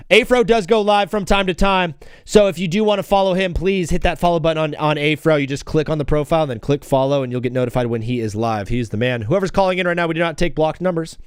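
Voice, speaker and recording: A man's voice: sits high, clear, resonant tone, no room sound, clean studio sound. A young man hosting a casual live sports stream, rambling and joking while he calls game plays as they happen. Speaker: livestream sports host.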